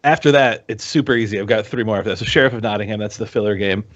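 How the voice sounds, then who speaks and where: A man's voice: lowish voice, rapid-fire. A man co-hosting a gaming podcast who chats in a playful, jokey way, on dull lo-fi audio. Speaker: podcast co-host. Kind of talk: casual chat.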